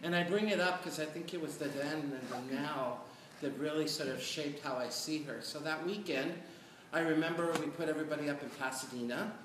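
A man's voice: a little high, a little fast, few pauses. Man telling stories in an echoey hall. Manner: animated, chatty, often checking in with "right?". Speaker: panelist. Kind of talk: storytelling on a panel. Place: large echoey hall at a panel event. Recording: echoey hall from far off, noisy.

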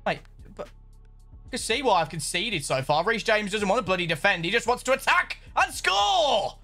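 A man with an English accent, faintly Brummie, giving excitable casual commentary on a football game, swearing and laughing often. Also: high voice, moderate pace, soft background music. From Birmingham area, England. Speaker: gamer.

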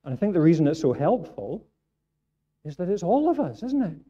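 A Scottish man preaching a sermon in a church, moving between quiet reflective passages and raised, emphatic ones. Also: sits high, very animated, fairly quick. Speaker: pastor. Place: church sanctuary. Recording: dull lo-fi sound.

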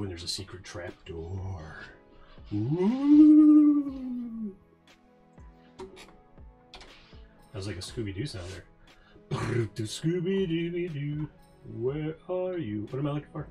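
A man's voice: on the low side, animated, a little slow, pauses often, darkish tone, faint music behind. A man casually chatting on a live stream while working, rambling, joking and talking to himself. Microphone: headphones on.

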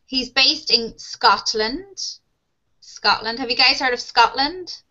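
A woman's voice: high-pitched, slow, sharp tone, muffled recording. A woman teaching an online English class, chatting casually and laughing as she talks about TV shows. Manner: chatty, laughs often, addresses students as guys.

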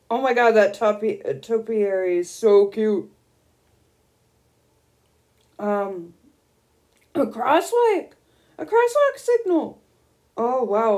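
A young woman streaming a video game, gushing and excitable as she squeals over new items. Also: a little high. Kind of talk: casual gameplay commentary.

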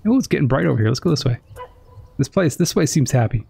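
A gaming streamer reacting excitably and with profanity while playing through a game. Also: mid-range voice, quick pace, gravelly, breathy edge. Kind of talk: let's play commentary.

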